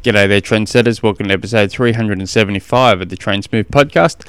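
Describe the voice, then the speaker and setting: A man's voice: lowish voice, a little fast. A middle-aged Australian man hosting a podcast, telling stories in a rambling, casual way with lots of restarts. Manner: rambling storytelling with self-corrections and laughs. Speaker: podcast host and coach. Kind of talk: casual chat.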